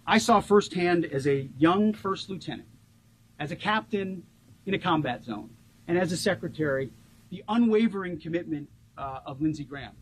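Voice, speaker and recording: In a rough recording, a forties-aged government official with a voice on the high side gives a rousing tribute at a ceremony, drawing out key words to stress them.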